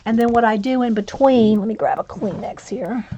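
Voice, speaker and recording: A woman's voice: a little high, fairly even intonation, normal speed, dark tone, dull audio. Giggly, chatty woman teaching coloring. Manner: chatty, giggly, with frequent fillers. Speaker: coloring channel host. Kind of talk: casual livestream tutorial.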